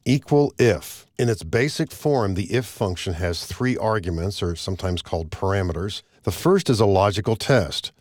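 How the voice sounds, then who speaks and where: A man narrating a screen-recorded software tutorial, explaining each step in a measured, methodical way. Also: fairly low pitch, animated, no room sound, clean studio sound. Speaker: software instructor.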